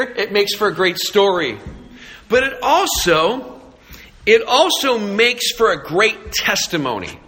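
In a church sanctuary with echoey hall reverb, a middle-aged Californian pastor tells a sermon story in a flippant, sarcastic, self-mocking way. His high, sharp voice is sing-song and slow.

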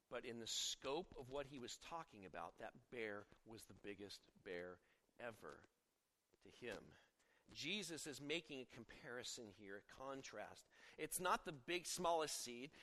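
A man's voice: medium pitch, very animated, moderate pace, sharp tone. A middle-aged man preaching a sermon as a pastor, talking conversationally and telling stories, often breaking off and restarting mid-sentence. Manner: conversational, storytelling, self-interrupting. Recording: long hall reverb.

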